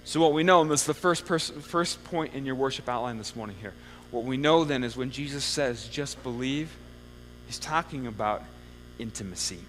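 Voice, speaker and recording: A man's voice: medium pitch, normal speed, a bit bright. A male pastor giving a conversational sermon in a church, often checking in with the congregation with "okay?". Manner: conversational preaching with frequent "okay?" check-ins. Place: church sanctuary. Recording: long hall reverb with faint mains hum.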